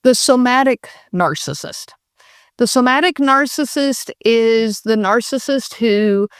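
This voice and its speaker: Brief: female podcast host, mid-pitched, chatty explainer, dry close recording. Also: no echo. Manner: conversational, with frequent fillers and restarts.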